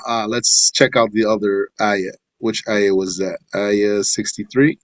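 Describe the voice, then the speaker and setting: A man teaching a scripture lesson. He recites verses in Arabic, then explains them in English in a measured way. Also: lowish voice, steady tone, no echo, poor audio. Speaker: religious teacher.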